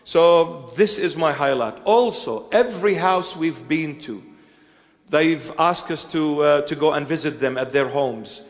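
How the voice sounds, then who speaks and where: A man preaching and answering questions before a congregation, halting with many fillers and joking now and then. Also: a little high. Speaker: church bishop preaching. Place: church hall with congregation. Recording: long reverb of a large hall.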